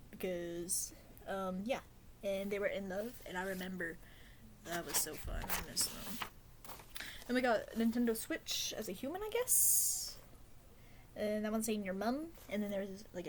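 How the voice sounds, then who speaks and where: A young woman rambling through a casual vlog chat, full of slang, fillers and side tangents. Her voice sits at an ordinary middle pitch for a woman. A clear steady hiss of noise runs under the whole home recording. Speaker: vlogger.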